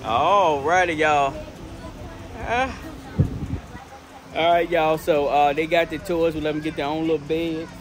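A woman, talking to her children and viewers in a playful, teasing family vlog with a relaxed drawl and plenty of slang. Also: deep voice, measured pace, long pauses, slight background noise. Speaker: family vlogger. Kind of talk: casual vlog talk to kids and viewers.

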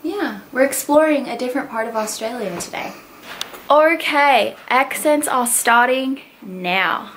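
A woman's voice: high voice, measured pace, fairly bright tone, slight background noise, rough recording. A woman of twenty-one chatting casually to her camera as a vlogger, often laughing. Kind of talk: casual vlog chat.

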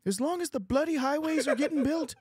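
A man putting on an impression of a lecturing Canadian male pundit with a high, nasal, Kermit-like whine. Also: a little fast, a little mellow, no echo. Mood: ranting. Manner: lecturing, preachy and indignant.

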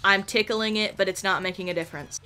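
A young woman giving casual, animated commentary over a life-simulation game, swearing often and scolding the characters. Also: medium pitch, fast. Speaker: gameplay commentator.

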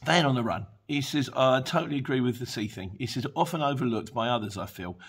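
A man's voice: medium pitch, quick pace, breathy edge. A man, chatting casually as a courier driver who vlogs. He rambles, goes off on tangents, reads out viewer comments and laughs easily. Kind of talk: casual chat. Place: dim room at home.

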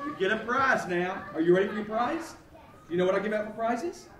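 A high, very lively male voice doing kids' show patter, goofy and mock-silly as he quizzes the children. He is picked up from across an echoey indoor hall, with a loud, noisy young crowd behind him. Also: brisk. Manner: playful, clowning, mock-silly with the kids; calls out questions to the audience. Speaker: children's entertainer. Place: library event room, indoors. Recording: echoey hall, recorded from far off.

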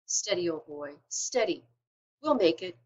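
A woman voicing a brave young adventurer who speaks calmly and steadily. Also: fairly low pitch, a little slow, dull audio. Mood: calm steady. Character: calm brave boy adventurer, the father.

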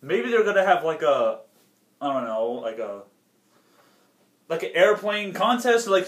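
High-voiced man rambling in a roomy echo. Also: a bit bright. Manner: rambling, halting, many restarts. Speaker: YouTuber reacting to a cartoon episode. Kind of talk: casual reaction commentary.

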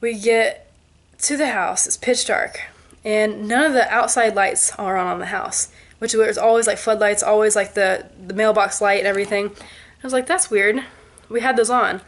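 A woman in her twenties, a vlogger, telling a ghost story to camera in an animated way, with sound effects and quoted voices. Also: mid-range voice, moderate pace. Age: 20s.

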